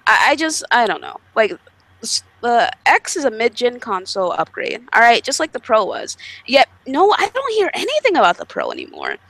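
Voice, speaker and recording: A woman's voice: on the high side, huge pitch swings, normal speed, a bit bright, dry recording. A woman in casual podcast chat, frustrated and insistent, often repeating herself. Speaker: podcast guest.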